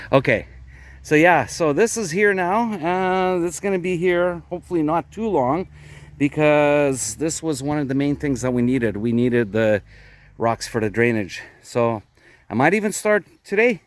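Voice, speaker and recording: A man's voice: on the high side, animated, unhurried. A man from Canada with a Canadian accent, talking through his day in a casual, rambling vlog outdoors at his garden plot. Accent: Canadian English. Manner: chatty, rambling explanations. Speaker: vlogger.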